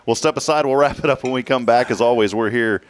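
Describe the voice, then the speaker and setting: A man's voice: medium pitch, clear, resonant tone. A man hosting a casual morning radio show, telling stories and laughing often. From Texas. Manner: storytelling, laughs often, drawn-out asides.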